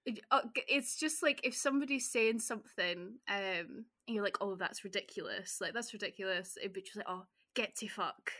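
A woman with a Scottish accent, co-hosting a casual podcast, relaxed and quick to laugh. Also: mid-range voice. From Scotland. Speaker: podcast co-host.

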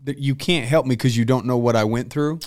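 Podcast cohost guy, mid-pitch voice, lots of yeahs, pokes with questions. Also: fairly quick, darkish tone. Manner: short encouraging backchannels, probing questions. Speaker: podcast co-host.

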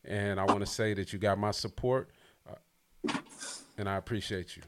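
A man's voice: on the low side, fairly even intonation, moderate pace, a crowd in the background. Slangy podcast host hyping his guest. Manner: loose slangy talk, hypes up the guest. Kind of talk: casual interview chat. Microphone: video call.

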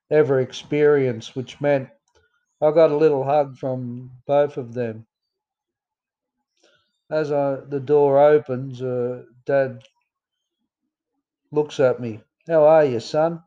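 Mellow Australian man reading his memoir. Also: medium pitch, muffled recording. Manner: plain storytelling with fillers and restarts. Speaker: memoir narrator. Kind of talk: reading a personal memoir aloud.

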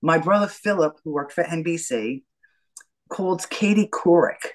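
A woman's voice: fairly low pitch, normal speed, rough recording. A middle-aged woman, a guest telling her story in an interview and acting out the dialogue. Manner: animated storyteller, acts out the dialogue.

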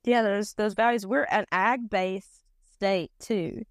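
A Southern-accented North Carolina woman talks casually and easily, scattering fillers through her chat. Her voice sits at a middle pitch. It is recorded close and dry, with no room sound. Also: slow pace, no echo. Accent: Southern US, eastern North Carolina. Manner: chatty, down-to-earth, many fillers. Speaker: podcast guest, pageant titleholder. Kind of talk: casual conversation.

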